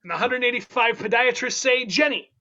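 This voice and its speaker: A man with a high, bright voice hosts an online improv game over dull lo-fi call audio. He's playful and quick, tossing in laughing asides.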